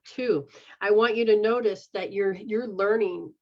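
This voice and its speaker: Speaking a little slowly in a mid-range voice, a woman spiritual healer leads a healing session, talking straight to the person and returning again and again to a chant-like refrain. It's captured on a dull, lo-fi recording.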